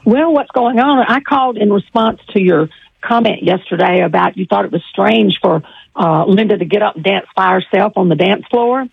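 A woman's voice: medium pitch, normal speed, gravelly, breathy edge, dry recording. A woman from the American South with a Southern accent, calling in to a radio show, cheerful and earnest. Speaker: caller. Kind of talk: phone call to radio show. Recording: muffled phone line.

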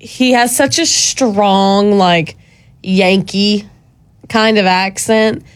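A woman's voice: medium pitch, fairly even intonation, very slow, clear, resonant tone. Easygoing woman radio co-host. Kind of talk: casual radio chat.

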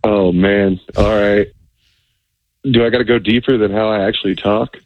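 A man's voice: fairly low pitch, steady tone, moderate pace, dry recording. A man calling in to a radio show, speaking plainly and a bit awkwardly. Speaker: caller. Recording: phone line.

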